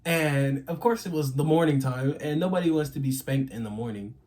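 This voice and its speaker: A young man co-hosting a podcast, telling a childhood story in casual chat, animated and often laughing. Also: medium pitch, a little fast. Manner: animated, laughing, acts out quotes. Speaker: podcast co-host.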